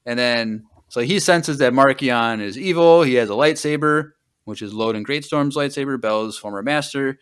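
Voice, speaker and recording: A man's voice: medium pitch, normal speed, a bit bright, smooth. A man hosting a podcast, retelling a book in casual, rambling chat full of fillers and trailing off at the ends of thoughts. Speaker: podcast host.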